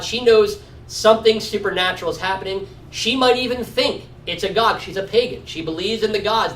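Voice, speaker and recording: A man's voice: sits high, a bit bright, a little hiss or hum. A man teaching a casual Bible study, talking conversationally and often checking in with "right?". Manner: conversational, often adds 'right?'. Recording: roomy echo from a distant mic.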